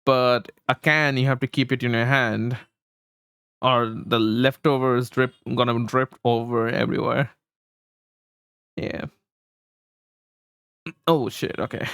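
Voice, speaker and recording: A man's voice: mid-range voice, fairly even intonation, slow pace, long pauses, a bit bright, clean tone, dry recording, studio quality. A man livestreaming, rambling casually to his chat with frequent chuckles while he fiddles with settings.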